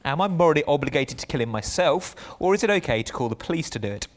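A man's voice: a little high, lively intonation, fast, lightly acted. Man reading as a sarcastic president. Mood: mock-earnest. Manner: sarcastic, mock-earnest questioning. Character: sarcastic male president lecturing a critic.

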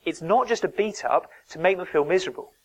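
Earnest preacher, hushed emphasis. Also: male voice, high voice, fast, poor audio. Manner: earnest, emphatic, drops to hushed whispers for stress. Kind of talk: sermon.

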